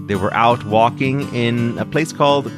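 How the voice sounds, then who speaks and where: A man's voice: mid-range voice, normal speed, over music. A man co-hosting a podcast, casually retelling a spooky story with chuckles along the way. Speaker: podcast co-host.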